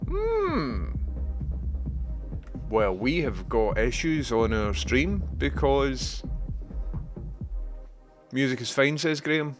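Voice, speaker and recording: A man's voice: medium pitch, wildly swooping pitch, takes it slowly, pauses often. A Scottish man chatting casually on a livestream, rambling and speaking directly to his viewers. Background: background music.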